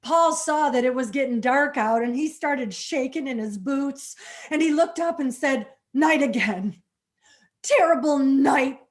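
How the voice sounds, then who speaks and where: A woman's voice: high-pitched, normal speed. A woman storyteller telling a folk tale dramatically, adding spoken sound effects.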